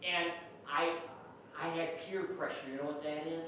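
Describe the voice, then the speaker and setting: A man's voice: a little high, flat delivery, moderate pace, sharp tone. A man playfully spins silly school stories for a room of children, stopping to ask them questions as he goes. He sounds distant, caught by a far-off camera in a church hall. His voice bounces around the very echoey room over a faint hiss. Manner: playful, chatty, asks kids questions. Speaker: children's entertainer. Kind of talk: comic storytelling to children.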